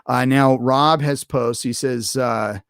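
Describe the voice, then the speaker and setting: A man's voice: medium pitch, steady tone, slow, smooth, no echo, studio quality. Rambling man recapping an episode. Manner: rambling, many fillers and restarts. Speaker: podcast host reviewing an episode. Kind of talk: casual unscripted episode recap.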